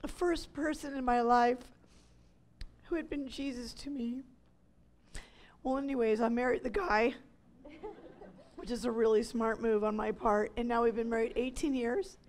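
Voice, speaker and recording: A woman in her forties giving an emotional testimony talk as a ministry leader, swinging between loud cries and hushed near-whispers. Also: fairly high pitch, fairly even intonation, moderate pace, long pauses.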